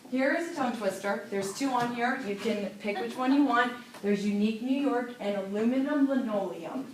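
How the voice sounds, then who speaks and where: A woman radio host teaching a class, lively and demonstrative, stressing clear enunciation. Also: on the high side, a little hiss or hum. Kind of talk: classroom lesson. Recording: echoey room picked up from far.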